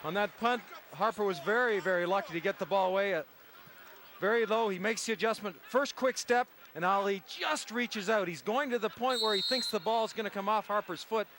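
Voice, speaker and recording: A man's voice: high-pitched, a little fast. A man doing color commentary on a football game, explaining the replays step by step. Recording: stadium noise behind.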